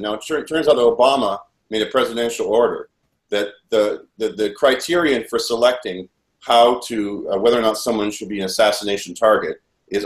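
A man as an interview guest, telling a personal story in an earnest, rambling way with frequent restarts. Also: on the low side. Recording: roomy echo.

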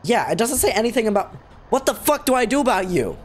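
A man's voice: very high voice, sing-song, fast, slight background noise. Jumpy, swearing young gamer guy. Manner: jumpy, swears a lot, talks back to the game. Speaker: gaming video creator. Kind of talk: live reactions while playing a horror game.

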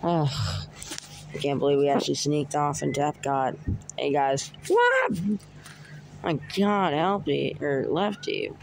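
A man casually narrating a plush skit, excitable and breaking into whoops and cheers. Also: a little high, moderate pace, creaky, a little hiss or hum. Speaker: plush video maker. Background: music.

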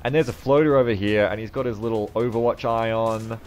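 A man giving live gameplay commentary, excitable, swearing often and shouting at the game. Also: lowish voice, a little fast, faint music behind. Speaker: game streamer.

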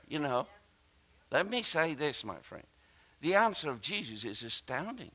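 A man preaching a sermon, emphatic and animated, repeating himself and often restarting phrases as he speaks directly to the congregation. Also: fairly high pitch. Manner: animated and emphatic, with frequent repetition and halting restarts; talks directly to the congregation with asides and questions.

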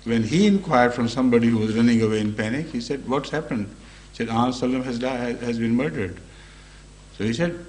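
A man with a voice of ordinary, middle pitch gives an unscripted religious commentary. He talks in a measured way, stopping often with fillers and correcting himself as he explains a verse of scripture. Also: a little mellow.

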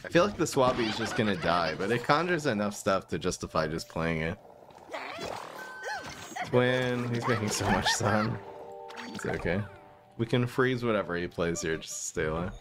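A man giving casual live-stream commentary while playing a card game, thinking aloud and bursting into giggling excitement. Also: lowish voice, normal speed, pauses often, over music.

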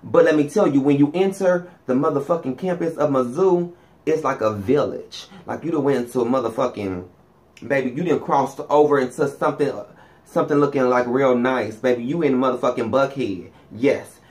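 A man, giving a profane, sassy gossip monologue as a vlogger, swinging his pitch up and down for emphasis. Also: normal speed, a little mellow.

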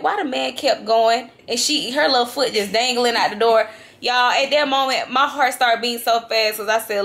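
A young woman vlogger telling a travel story to her viewers in a lively, dramatic, casual way. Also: a little high, moderate pace. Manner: animated, dramatic retelling, addresses viewers as y'all. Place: vacation lodging, indoors.

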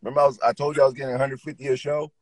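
A middle-aged man guesting on a talk show tells a story with animated, profane energy. His voice is husky, with a slightly breathy edge. The sound is dry and close, with no room around it. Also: medium pitch, very fast, no room sound, low-quality recording. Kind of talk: casual storytelling chat.

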